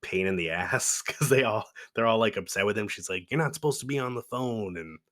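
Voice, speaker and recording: A man's voice: fairly low pitch, lively intonation, a little fast, fairly bright tone. A man co-hosting a podcast in casual movie-review chat, laid-back and laughing often, full of "dude" and "like.". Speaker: podcast co-host.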